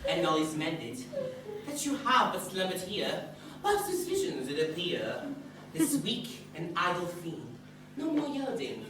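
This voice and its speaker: A woman's voice: lowish voice, huge pitch swings, unhurried. Woman playing impish fairy Puck, echoing stage. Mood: wistful. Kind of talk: live stage Shakespeare verse. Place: theatre stage, audience filming. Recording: echoey hall, mic far off, noisy.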